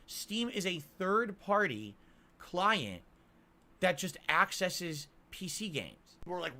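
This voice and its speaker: A man's voice: high-pitched, big pitch swings, slow, sharp tone. A male streamer complaining at length in an indignant, ranting monologue.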